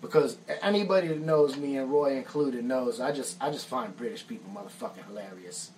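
A man's voice: medium pitch, fairly quick, a little mellow, distant mic, slight background noise, low-quality recording. An American musician and songwriter telling stories casually on a live stream, laid-back and profane, saying "man" often. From United States. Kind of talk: casual storytelling.

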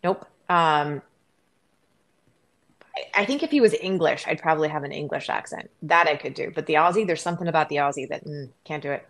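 A low-voiced middle-aged woman from Wisconsin chats as a guest on an interview show. She talks fast and loosely, piling up "like" and starting sentences over. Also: a bit bright. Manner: chatty, quick, many likes and restarts. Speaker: guest, sports anchor. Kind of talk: casual interview chat.

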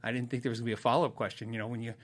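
A man's voice: mid-range voice, level tone, racing. A man talking to his viewers in a casual, rambling way, laughing often and acting out both sides of a conversation. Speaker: YouTuber telling a story. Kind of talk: casual storytelling to camera.

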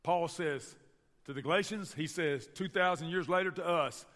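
A man with a Southern US accent from Tennessee, preaching a sermon and telling stories to his church in an animated way. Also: a little high, normal speed, big-room sound. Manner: storytelling, animated, addresses the church directly. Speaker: pastor. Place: church sanctuary.

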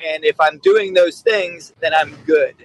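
A man's voice: on the high side, unhurried, dry recording, rough recording. A middle-aged man, a podcast guest who trains dogs, telling stories in a candid, blunt way. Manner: candid, blunt, acts out quotes. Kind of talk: casual storytelling.

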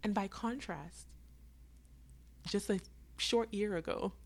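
Dramatic, laughing woman in her twenties. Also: medium pitch. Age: 20s. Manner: dramatic and animated, laughing often; voices herself and others in quick asides. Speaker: vlogger. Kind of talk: storytelling to camera.

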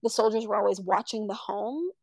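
A woman's voice: medium pitch, a little fast, vocal fry, dry recording, rough recording. A woman telling a story casually, acting out the people she quotes. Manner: animated, acts out quoted voices.

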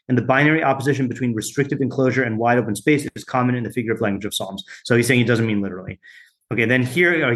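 Male teacher, mid pitch, reads scripture aloud, talks loose and unscripted with lots of ums and asides. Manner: reads translations, stops often with fillers and asides. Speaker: Bible study teacher. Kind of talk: informal text study, reading aloud.

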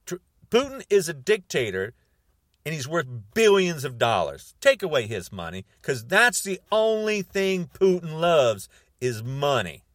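An angry man in his sixties rants straight to camera, his voice sitting a touch high and swinging widely in pitch. He hammers his points home by repeating words and dragging out the ones he wants to land. The sound is dry, with no room echo. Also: very animated, unhurried, a bit bright. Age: 60s. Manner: heated, repeats words for emphasis. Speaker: video blogger.

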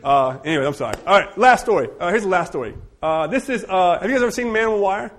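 A man who is a teacher, leading a church group discussion and telling stories in an animated, joking way. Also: high voice. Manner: animated, jokey storyteller with quick asides. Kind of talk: casual group discussion with storytelling.

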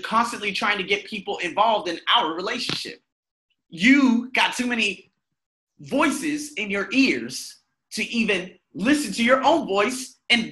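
A man's voice: high voice, sharp tone. A man hosting a self-help podcast, talking bluntly and with lots of swearing. He asks himself questions and answers them in a candid motivational monologue.

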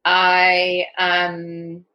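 A woman with a New York accent, chatty and energetic, telling her story as an interview guest in a rambling, casual way. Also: lowish voice, drawn-out words.

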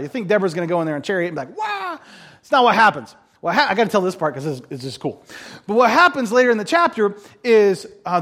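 A man, a pastor, preaching a casual sermon full of jokes, chatty and self-interrupting, acting out quick voices for laughs. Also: high voice, a bit bright.

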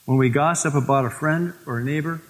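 A man preaching a sermon, telling stories and slowing down to stress scripture. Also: on the high side. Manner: storytelling, slows for emphasis on scripture. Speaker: pastor. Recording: long reverb of a church hall.

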